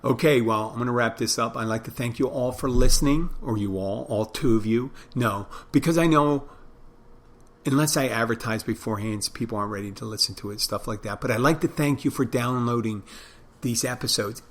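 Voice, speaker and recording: A man's voice: mid-range voice, fairly quick. A middle-aged man with a Philadelphia accent hosting a podcast alone, rambling through casual, profane asides about himself. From Philadelphia area. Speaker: podcast host. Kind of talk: casual solo monologue.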